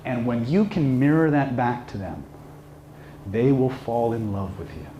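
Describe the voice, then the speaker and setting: A man of medium pitch teaches a seminar a little slowly, and the high frequencies of the recording are cut off. He animatedly acts out the shouting characters in his stories, in a room with echo and faint noise.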